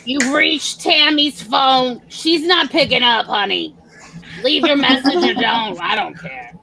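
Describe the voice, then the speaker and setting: A woman putting on a gravel-throated older dame. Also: high-pitched, unhurried, a crowd in the background, low-quality recording. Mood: brusque. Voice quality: raspy, from the top of the throat. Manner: brassy, blunt, calls people honey and sugar. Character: gravel-voiced older woman, whiskey and cigarettes, brash.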